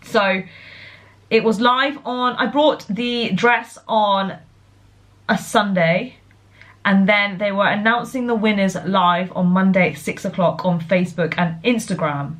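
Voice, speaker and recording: Chatty, excitable young woman. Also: medium pitch, unhurried. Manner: chatty and excitable, with many fillers and restarts. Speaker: vlogger. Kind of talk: casual chat.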